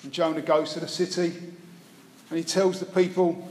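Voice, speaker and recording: A man's voice: a little high, little pitch movement, normal speed, darkish tone. A man preaching a sermon, retelling a Bible story with wry storytelling asides. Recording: echoey hall, faint room noise.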